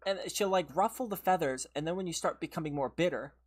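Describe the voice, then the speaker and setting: Woman streamer with a low voice, casual and exasperated, lots of "like". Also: fast talker, a little mellow. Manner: venting, exasperated, heavy use of "like". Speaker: livestream gamer. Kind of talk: casual livestream chat.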